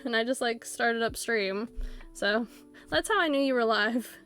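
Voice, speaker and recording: A woman streaming a video game live, chatting casually and rambling, often laughing and acting out animated quotes. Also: fairly high pitch, measured pace, clean tone, faint music behind. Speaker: Twitch streamer.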